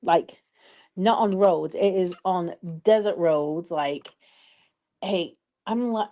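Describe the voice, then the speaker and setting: Chatty exasperated woman, mellow voice. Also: lowish voice, slow. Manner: chatty, exasperated storytelling with emphatic repetition. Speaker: social media strategist and vlogger. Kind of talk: casual live-stream chat while doing makeup.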